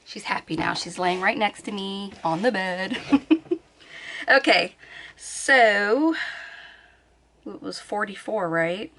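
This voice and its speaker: A woman's voice: medium pitch, takes it slowly, pauses often, fairly bright tone. A woman vlogging from her bed at home, chatting casually, thinking aloud and laughing often. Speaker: beauty vlogger. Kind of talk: casual chat.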